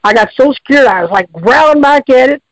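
A woman's voice: sits high, lively intonation, a little fast, no room sound, poor audio. A woman, calling in to tell a long story in a rambling, colloquial way with lots of restarts. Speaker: caller. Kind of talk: call-in storytelling.

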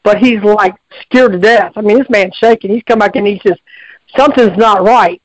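High-voiced man rambling on a call-in. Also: moderate pace, no room sound, rough recording. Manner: folksy, repetitive, lots of restarts. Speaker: radio show caller. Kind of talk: rambling casual storytelling.

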